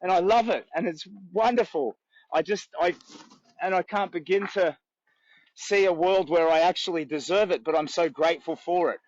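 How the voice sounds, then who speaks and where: A man's voice: sits high, normal speed, dull audio. Earnest rambling Australian man outdoors. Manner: earnest, rambling, chats with passers-by. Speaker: charity walker livestreaming. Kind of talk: rambling livestream vlog. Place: outdoors by a road.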